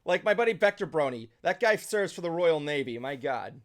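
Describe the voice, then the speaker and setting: Guy hosting a nerd talk show, kinda high voice, hyped up, swears a lot, lots of ums. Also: a little fast. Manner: excitable, swears freely, lots of filler words. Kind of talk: casual podcast chat.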